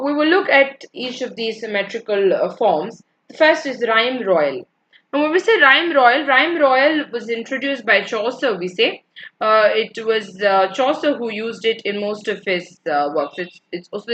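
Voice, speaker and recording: A woman's voice: on the high side, a bit bright, lo-fi sound, a little hiss or hum. Woman lecturer, patient and repetitive. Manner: explanatory, repeats key points, checks in with students. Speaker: English literature lecturer. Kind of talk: online lecture.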